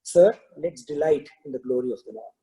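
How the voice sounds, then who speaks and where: A man voicing a calm royal minister in a parable, speaking gently in a slightly lower voice. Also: brisk, slightly rough, low-quality recording. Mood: serene.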